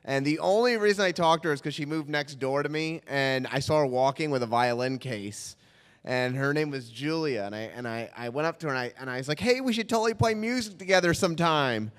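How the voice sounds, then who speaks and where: A young man telling a comic true-life story on stage, animated and self-mocking, often laughing and trailing off in fillers. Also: mid-range voice, fairly quick, clean tone. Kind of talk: live comedic storytelling. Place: stage in a hall before an audience. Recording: reverberant stage hall.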